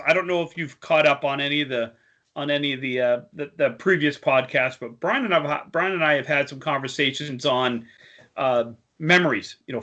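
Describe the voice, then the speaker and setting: A man's voice: on the high side, pushed and bright. A man co-hosting a podcast, chatting casually, rambling through questions and laughing easily. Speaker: podcast co-host. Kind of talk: casual interview chat.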